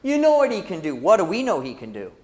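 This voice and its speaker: High-voiced lively man leading a Bible class. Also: fast, big-room sound. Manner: lively, dramatic, calls out to the class. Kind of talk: church Bible class teaching. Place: church hall.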